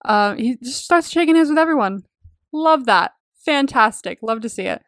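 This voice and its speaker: Woman co-host, slightly high voice, dry close sound, gushing and giggly movie-recap chat. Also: animated, moderate pace, dry recording. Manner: enthusiastic, swears casually, laughs often. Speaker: podcast co-host.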